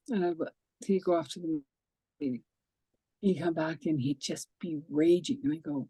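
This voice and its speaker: Podcast host lady, warm mellow tone, dry close sound, acts out her stories. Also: on the low side, brisk, creaky, husky, no echo. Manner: lively storyteller acting out quoted dialogue. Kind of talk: casual interview chat.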